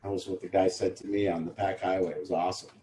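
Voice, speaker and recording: A man's voice: low voice, little pitch movement, fast, dark tone, a little hiss or hum. A man leading a support group, talking candidly and rambling, with casual swearing. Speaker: recovery group leader. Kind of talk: informal talk to a support group. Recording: roomy echo.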